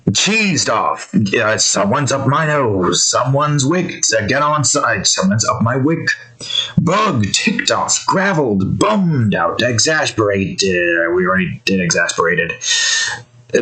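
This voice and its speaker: A man's voice: mid-range voice, bright, forceful tone, rough recording. A young man chatting casually while he draws, rambling and joking, swearing offhandedly and talking to his cat. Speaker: digital artist drawing on his channel.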